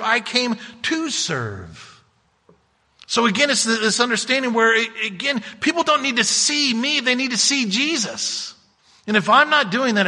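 A man's voice: high-pitched, sharp tone, big-room sound. A man preaching a sermon as pastor, earnest and emphatic, often restarting his phrases.

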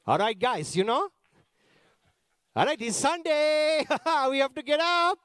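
A man putting on a thick accent to play his eager, excited father urging the family to get up. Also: very high-pitched, slow, no room sound, clean studio sound, pitched above the performer's own voice, heavily acted.

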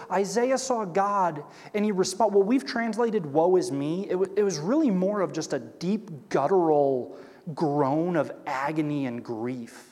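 The Bible teacher here sits high in pitch, keeps a measured pace, and sounds a little mellow. Reading scripture and explaining it conversationally, he often asks "right?" and shifts his voice to act out quoted characters, all under long hall reverb.

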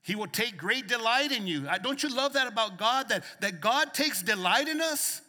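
A man preaching a sermon, shifting between soft hushed lines and raised emphatic ones, repeating phrases for emphasis, in a church. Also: very high-pitched, animated, moderate pace. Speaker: pastor. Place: church sanctuary. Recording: long reverb of a church hall.

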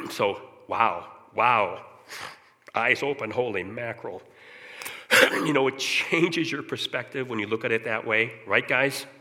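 Middle-aged man, church testimony, keeps clearing his throat, bright forceful voice, long hall reverb. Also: medium pitch, unhurried. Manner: earnest, candid storytelling. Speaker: church speaker giving testimony. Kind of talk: personal testimony talk.

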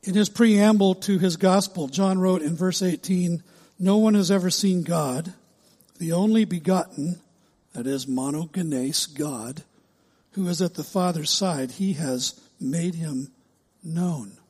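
Man, pastor, sermon, emphatic and measured, slightly breathy, echoing hall. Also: fairly high pitch, darkish tone. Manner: measured, emphatic preaching with drawn-out words.

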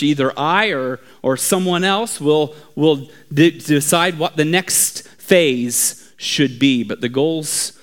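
Man, pastor, storytelling sermon, slow drawn-out delivery, hushed to shouted. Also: fairly high pitch.

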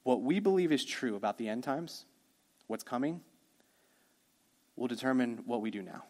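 A man preaching a sermon as pastor, energetic and conversational, with quick asides to the congregation. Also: medium pitch.

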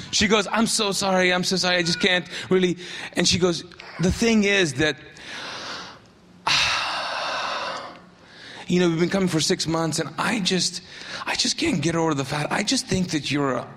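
A middle-aged male pastor preaching a sermon, telling a story with lively asides and acted quotes. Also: on the high side, slow pace, pauses often, long reverb tail, a little hiss or hum.

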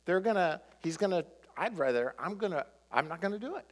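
A man's voice: high voice, lively intonation, fairly quick. A man voicing a resentful male prophet who mutters his refusals sullenly. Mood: grudging.

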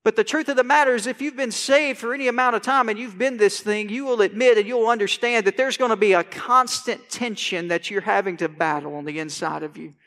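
A male pastor preaching a sermon to a congregation, swinging from quiet conversational asides to loud, rising proclamation. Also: high voice, fairly quick, few pauses. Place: church sanctuary. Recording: long church hall reverb.

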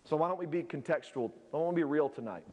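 A male pastor preaching a sermon, swinging between shouted peaks and low, quiet asides. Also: quick pace, long reverb tail.

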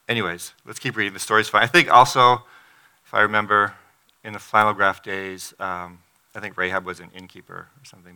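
Speaking in a sharp, lower-register voice, the middle-aged pastor keeps his sermon conversational and voices the story's quotes as he reads the text.

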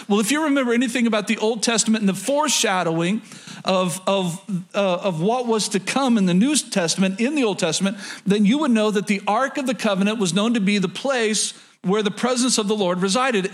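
A man preaching a sermon to his congregation, reading scripture and repeating phrases for emphasis. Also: high-pitched. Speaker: pastor. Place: church in front of a congregation.

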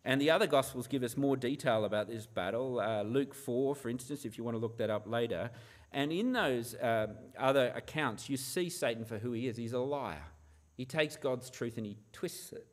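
A man's voice: medium pitch, moderate pace. Pastor guy giving a sermon, earnest, keeps asking the room questions. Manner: earnest preaching with rhetorical questions.

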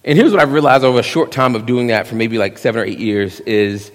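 A man, preaching a sermon, swinging between hushed asides and loud emphasis and acting out quick quotes. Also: mid-range voice. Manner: drops into quick voiced quotes of young men. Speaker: pastor. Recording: long reverb of a church hall.

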